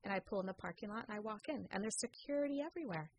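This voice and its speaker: A woman's voice: medium pitch, racing, slight background noise, low-quality recording. A middle-aged woman, an interview guest, telling a personal story in a chatty way with many fillers. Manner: lively, acts out quoted voices; frequent fillers. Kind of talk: conversational storytelling.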